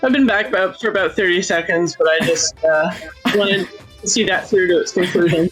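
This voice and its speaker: A woman's voice: lowish voice, fairly quick, faint music behind, low-quality recording. A woman chatting wryly during a game session, amused by her friends. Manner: wry, amused. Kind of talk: casual chat while voicing a game.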